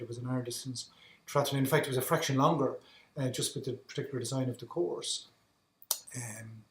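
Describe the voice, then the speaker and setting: A man's voice: medium pitch, a little hiss or hum. Irish man, earnest storyteller, stumbling restarts, echoey room sound. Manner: earnest, often repeats words while restarting phrases. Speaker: guest, endurance athlete. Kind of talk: reflective storytelling in conversation. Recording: roomy echo.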